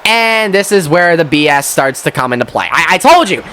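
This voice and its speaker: A man doing excitable, sweary play-by-play commentary on a wrestling match, often shouting at the action. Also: fairly high pitch, normal speed, slight background noise. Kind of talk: play-by-play video game commentary.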